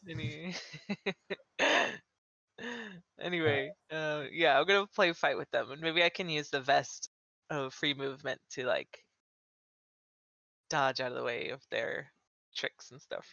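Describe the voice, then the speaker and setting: Slow, bright-voiced giggly player. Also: medium pitch, vocal fry, no room sound, dull audio. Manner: giggly, unhurried. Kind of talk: casual tabletop play.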